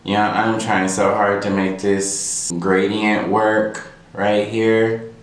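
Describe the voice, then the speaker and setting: A young man talking frankly and conversationally while he does his makeup, giving his opinions in a relaxed, casual monologue. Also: fairly low pitch, takes it slowly. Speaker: beauty vlogger. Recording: roomy echo.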